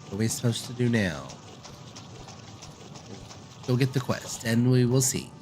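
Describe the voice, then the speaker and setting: Chatty male game streamer, soft music behind. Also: mid-range voice, lively intonation, a little slow. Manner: chatty, self-deprecating asides. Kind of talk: casual gameplay commentary.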